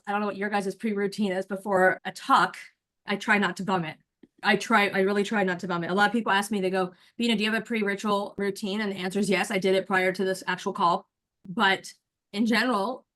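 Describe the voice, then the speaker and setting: A woman in her forties, a nurse coach, chatting in an animated way straight to her listeners on a video call before rehearsing a speech. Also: medium pitch. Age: 40s. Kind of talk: casual chat, then rehearsing a speech.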